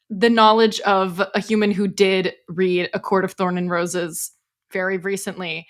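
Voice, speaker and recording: Woman, podcast co-host, casual book chat, wry, deliberate, teasing, mid-pitched voice. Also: fairly bright tone.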